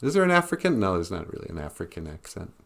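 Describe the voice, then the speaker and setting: This man hosting a podcast talks at a quick pace in a very animated rambling monologue on his own. He chuckles a lot and switches to high, mocking voices to quote others.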